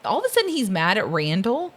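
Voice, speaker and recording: A woman's voice: medium pitch, huge pitch swings, fast talker, breathy edge. Giggly woman recapping a movie. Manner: giggly, quotes film lines in voices, many ums. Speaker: podcast co-host. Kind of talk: casual film recap chat.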